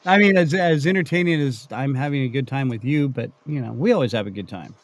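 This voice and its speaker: A man co-hosts a casual live show from his home studio, joking and rambling and trying out a silly British voice. He talks quickly at a medium pitch, like a podcast co-host in easy chat.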